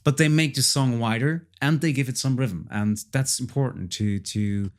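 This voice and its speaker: A man's voice: medium pitch, moderate pace, faint music behind. A man casually walking through his own song project as a producer, chatty and repeating himself with frequent fillers. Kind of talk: casual tutorial walkthrough.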